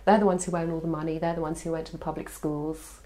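A woman scholar explaining at length in a measured interview style. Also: low-pitched, flat delivery, warm tone. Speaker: language scholar.

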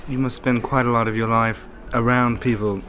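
A man's voice: medium pitch, little pitch movement, moderate pace, background noise. A man presenting in formal scripted narration, also asking interview questions.

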